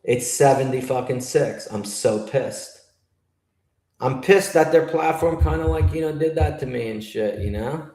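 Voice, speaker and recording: A man who grew up in New York runs a live trading stream, cursing and complaining as he narrates his screen to viewers. He talks at an unhurried, drawn-out pace, and his voice rings a little in a roomy space. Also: medium pitch, warm tone. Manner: profane, griping, talks to chat. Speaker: livestream trader host.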